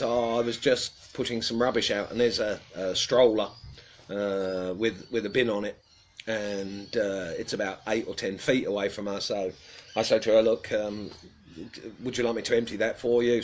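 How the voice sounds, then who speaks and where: A man's voice: lowish voice, steady tone, moderate pace, slight background noise. A man hosting a casual livestream outdoors. He tells a rambling, self-deprecating story and chuckles often. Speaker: livestream host.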